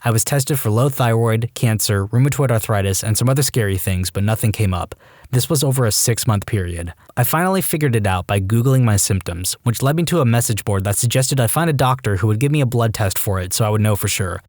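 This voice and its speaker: A man narrating reddit stories aloud, reading in a brisk, even voice. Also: fairly low pitch, no echo, clean studio sound. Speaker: story narrator.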